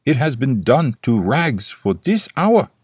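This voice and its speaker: A man voicing a chorus of complaining housewives in a mock German accent, drawn out and slow. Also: medium pitch, very animated, breathy edge, no echo, clean studio sound, voice pushed up, heavily acted.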